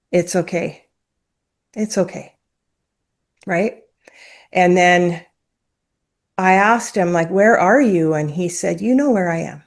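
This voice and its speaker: A woman telling a personal story as an interview guest, in a conversational, emotional way, sometimes close to tears. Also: fairly low pitch. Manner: emotional, tearful at times, apologetic; conversational, uses fillers like "like" and "um".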